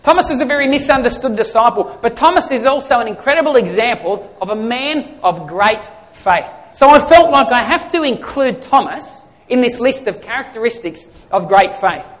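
Here a man with a very high, expressive voice preaches at a moderate pace with hardly any pauses. As a pastor he talks to the congregation conversationally, asking questions and answering them himself, in a space with long hall reverb.

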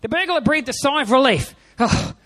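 Male pastor, high voice, emphatic repetitive sermon delivery, dry close mic. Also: animated, moderate pace, fairly bright tone, dry recording. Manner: emphatic preaching with repeated phrases and a told joke. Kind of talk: Easter sermon.

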